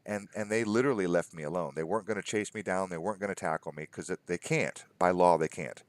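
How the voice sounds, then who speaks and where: A low-pitched man spins a casual story, acting out the other voices in it and growing exasperated. The sound is dry and close. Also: fast talker, no echo. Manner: storytelling, quoting others in mock dialogue, exasperated. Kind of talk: casual conversation.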